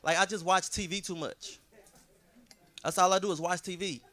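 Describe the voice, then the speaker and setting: A man's voice: high-pitched, fairly even intonation, moderate pace, sharp tone. A man from St. Louis doing a laid-back, conversational stand-up set. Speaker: stand-up comedian.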